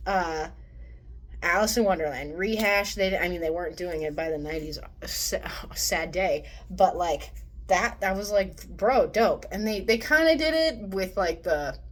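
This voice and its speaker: A young woman vlogging a casual movie review rant. She swears freely and acts out quotes in mocking voices. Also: fairly low pitch.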